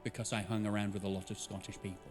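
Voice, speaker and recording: A man's voice: lowish voice, level tone, rapid-fire, music in the background. A man streaming a game live, chatting casually and joking with viewers, with profanity here and there. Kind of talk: live game playthrough with chat.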